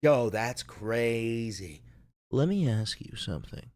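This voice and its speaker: A man hosting a podcast, joking and swearing through loose pre-show banter, swinging between loud and quiet as he checks his mic. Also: medium pitch, animated, takes it slowly. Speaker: podcast host. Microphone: studio podcast mic with adjustable gain.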